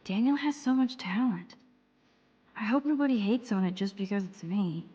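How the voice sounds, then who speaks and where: A shy, introspective young photography student from a video game, voiced by a woman. She murmurs her thoughts quietly, half to herself, at an ordinary mid pitch. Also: moderate pace, breathy edge, muffled recording, close to an everyday voice. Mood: musing. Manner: quiet, self-mumbling inner monologue.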